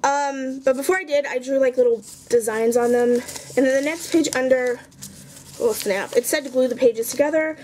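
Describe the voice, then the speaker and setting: A woman's voice: high-pitched, fairly even intonation, normal speed, a little mellow, a little hiss or hum. A young woman chatting casually, rambling and poking fun at herself as she shows off her art journal at home. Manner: chatty, rambling, self-mocking. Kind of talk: casual show-and-tell vlog.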